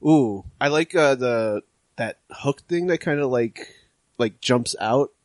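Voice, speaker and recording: A man chimes into a loose group chat with quick remarks and frequent giggles. His pitch bounces around lively, and the recording is dry and close. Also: no room sound. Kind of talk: casual chat.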